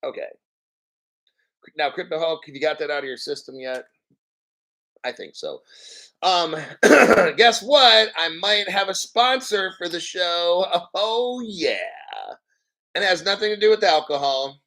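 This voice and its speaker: A man's voice: high-pitched, lively intonation, unhurried, bright, forceful tone. Profane, ranting man in his fifties. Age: 50s. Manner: profane, mocking, rambling. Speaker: crypto channel host. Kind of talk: casual unscripted rant to viewers.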